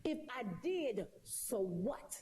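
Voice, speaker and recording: A woman's voice: fairly high pitch, very animated, slow, dark tone, slight background noise. A woman talking straight to her viewers in a casual monologue, sassy and emphatic, repeating her points. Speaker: live streamer.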